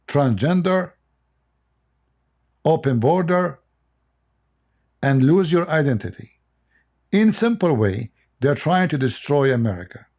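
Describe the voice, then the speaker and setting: A man's voice: medium pitch, darkish tone. A middle-aged man with an Arabic accent hosting a livestream, blunt, mocking and emphatic in his commentary. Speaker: livestream host.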